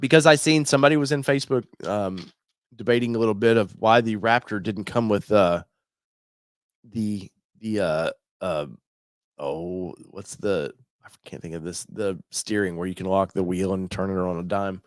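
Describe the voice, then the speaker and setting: A man with a lowish voice rambles casually as he hosts a car channel, thinking out loud and stopping to restart his sentences. The sound is dry and close, with no room around it. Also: moderate pace, no room sound. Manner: rambling, thinking aloud with many fillers and restarts. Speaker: automotive channel host. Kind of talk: casual talk while browsing a website.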